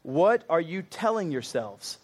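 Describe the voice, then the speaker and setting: A man's voice: on the high side, very animated, unhurried. A man preaching a sermon, earnest and conversational, with casual asides to the congregation.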